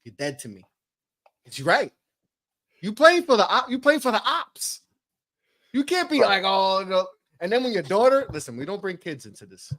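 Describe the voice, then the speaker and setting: A man co-hosting a sports podcast, ranting in a joking way and dropping to low mutters. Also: moderate pace. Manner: animated joking rant, drops to mutters. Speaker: podcast co-host. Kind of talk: casual sports chat.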